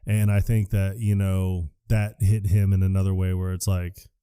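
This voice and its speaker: A man co-hosting a casual movie podcast, recapping scenes in a low, mellow voice. He keeps breaking into lively impressions of the characters. The close mic sounds dry and free of room echo. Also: smooth. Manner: acts out movie lines in quick impressions, laughs often. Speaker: podcast co-host.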